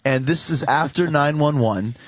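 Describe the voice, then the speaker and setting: A man's voice: on the high side, normal speed, no room sound. A man in his forties, a wrestler guest on a radio talk show, telling profane anecdotes casually and acting out the other voices. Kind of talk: casual storytelling.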